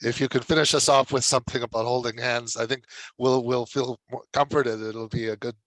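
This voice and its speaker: A man's voice: mid-range voice, fairly even intonation, brisk, fairly bright tone, no echo, rough recording. A man moderating a conference panel, easygoing with light humor.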